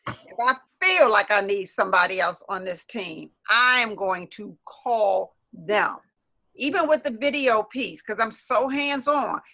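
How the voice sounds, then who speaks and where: A woman's voice: mid-range voice, unhurried, bright, forceful tone, muffled recording. A woman co-hosting a webcast, chatting casually to viewers and acting out quotes with lots of laughter. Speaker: webcast co-host.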